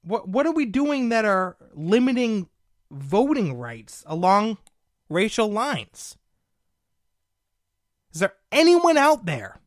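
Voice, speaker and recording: A man's voice: sits high, big pitch swings, takes it slowly, pauses often, dry recording, clean studio sound. A young man hosting a political talk show, delivering combative, sarcastic commentary and calling his listeners folks.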